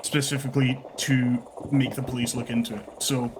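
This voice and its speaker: Guy running a game recap, rambles and corrects himself a lot, mid-pitched voice, noisy voice chat. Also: flat delivery, normal speed. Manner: rambling, self-correcting explanation. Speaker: game master. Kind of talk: out-of-character mission recap.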